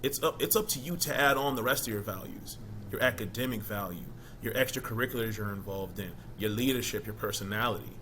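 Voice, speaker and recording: Man guest, interview, bright forward voice, emphatic and chatty, faint hiss behind. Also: lowish voice, fast talker, hardly any pauses. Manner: conversational, emphatic, asks "you know what I mean?". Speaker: interview guest, former college football player. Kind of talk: casual interview talk.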